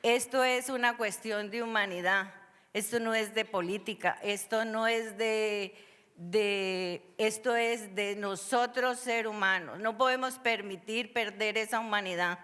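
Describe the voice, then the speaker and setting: Bright, pleading woman in a chamber. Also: mid-range voice, fairly even intonation, normal speed, smooth. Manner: impassioned, pleading. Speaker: public commenter. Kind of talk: pleading public testimony. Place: large council chamber. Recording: long hall reverb.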